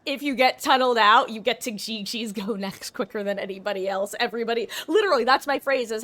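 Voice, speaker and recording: A woman streaming live, talking loosely and candidly about her game between moments of play. Her voice is bright and forward, set at a middling pitch. She wanders from thought to thought and drops casual swears along the way. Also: animated, fast, hardly any pauses. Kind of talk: casual chat while gaming.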